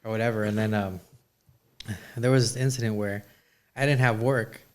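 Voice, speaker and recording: This is a man in an easygoing podcast conversation. His voice sits somewhat low, and he tells stories in a relaxed, unhurried way. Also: clear, resonant tone. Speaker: podcast guest. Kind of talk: casual conversation.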